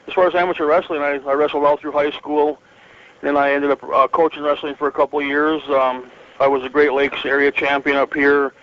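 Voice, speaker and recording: A middle-aged retired wrestler from northern Michigan tells stories as a guest in a relaxed interview, rambling with lots of fillers and restarts and chuckling often. His voice is a little high, level and brisk, and the recording is muffled.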